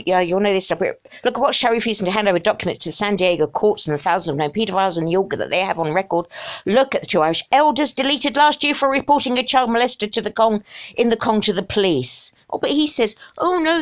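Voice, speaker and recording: A middle-aged woman delivering an emotional, exasperated rant to camera, with sighs and mocking asides. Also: medium pitch. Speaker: vlogger.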